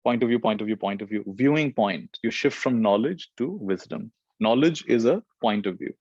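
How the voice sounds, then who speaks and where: A man's voice: on the low side, lively intonation, moderate pace, a little mellow, slightly rough, no echo, muffled recording. Brief: man, spiritual teacher, repeats phrases to drive them home, dry close sound. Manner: reflective, repeats phrases for emphasis. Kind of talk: spiritual Q&A talk.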